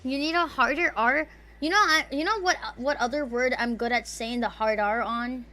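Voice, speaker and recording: A woman's voice: high-pitched, moderate pace, pushed and bright. A young woman from the United States streaming from home, chatting casually and reading viewer messages aloud in an offhand, profane, joking way. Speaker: livestreamer. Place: at home near neighbors.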